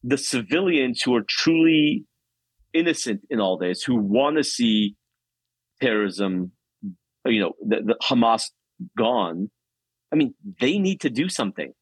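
A man's voice: medium pitch, big pitch swings, measured pace, long pauses, breathy edge, no echo. A man talking as a podcast guest in casual, earnest conversation.

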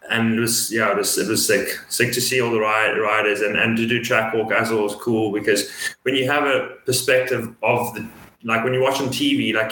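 Dutch co-host, male, low-pitched but bright and excitable, recorded in an echoey room. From Netherlands. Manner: eager and excitable, full of "like". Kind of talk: casual chat. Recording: roomy echo.

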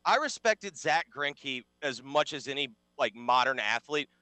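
Wry sports talk co-host, bright tone, dry studio sound, rambles. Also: male voice, mid-range voice, expressive, measured pace, no echo.

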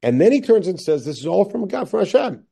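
A man who teaches as a rabbi, lecturing on a Bible text. He explains step by step, asks himself questions and answers them, and reads the old verses slowly before he explains them. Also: high-pitched, sing-song, vocal fry, warm tone, slightly rough.

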